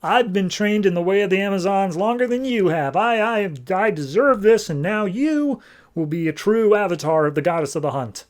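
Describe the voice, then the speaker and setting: Fierce comic-book cheetah villainess, raised high and boastful, as a man doing a quick voice. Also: animated, close to an everyday voice. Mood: zealous. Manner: eager, then fanatical and boastful. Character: fierce female cheetah villainess, zealous huntress.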